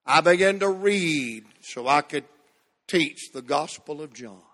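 A humble old churchgoing man tells his story earnestly and plainly, as a preacher quotes him. His high voice rings through a reverberant church hall. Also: lively intonation, a little slow, sharp tone.

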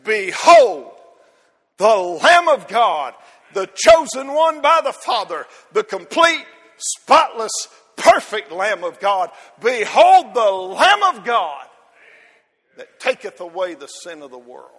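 High loud prophet guy calling out slow and drawn out, as a preacher acts him, big echoey hall. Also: lively intonation. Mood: proclaiming. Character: male prophet proclaiming to a crowd. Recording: long hall reverb.

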